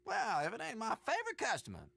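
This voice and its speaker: Game casting: a gravelly old country shopkeeper, drawl, bright, swooping pitch. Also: male voice, huge pitch swings, fast talker, no echo, full character voice. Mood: folksy. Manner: drawling, chatty, dodging questions. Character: folksy older male rural shopkeeper, evasive. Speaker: game character.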